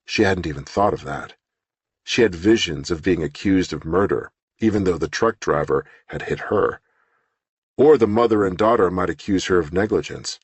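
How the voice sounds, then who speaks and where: A man reading an audiobook novel in scripted narration with an even, steady delivery, close to the microphone. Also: low-pitched, normal speed, breathy edge, no echo.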